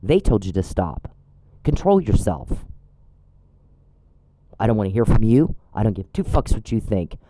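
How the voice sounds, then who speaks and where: A man's voice: lowish voice, big pitch swings, measured pace, pauses often, warm tone, poor audio. A man speaking an angry direct-address monologue, blunt, scolding and profane. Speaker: channel host.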